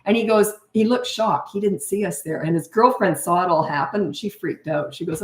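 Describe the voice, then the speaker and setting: A middle-aged woman coaching parents in a frank, conversational voice at a middle pitch. She slips into the people she quotes as she talks. The sound bounces around an echoey room. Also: lively intonation, a little fast, few pauses. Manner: blunt, acts out quoted dialogue. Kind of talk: casual advice talk.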